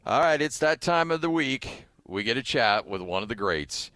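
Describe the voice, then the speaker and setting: Radio sports host in a dry studio. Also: male voice, medium pitch, expressive, moderate pace, few pauses, fairly bright tone, no room sound. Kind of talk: casual radio interview.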